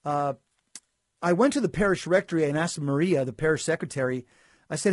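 A man with a fairly high voice tells a personal story to a host, earnest and halting, restarting his words now and then. The sound is dry and close, with no room around it. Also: no echo. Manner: earnest storytelling with repeats and stumbles. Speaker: guest. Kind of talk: personal testimony in conversation.

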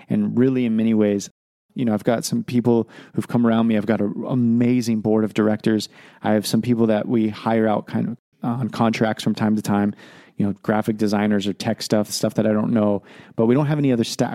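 A man's voice: on the low side, warm tone, no echo. A man hosting a podcast, making a heartfelt, pleading appeal in casual speech full of "man" and "dude". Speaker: podcast host.

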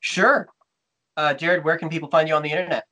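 A man hosting a podcast in relaxed, casual chat. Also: a little high, a little fast. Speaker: podcast host. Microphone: headphones, podcast mic.

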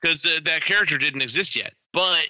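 Bright, higher-voiced man chatting. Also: fairly quick, no room sound, low-quality recording. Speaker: podcast co-host. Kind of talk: casual chat.

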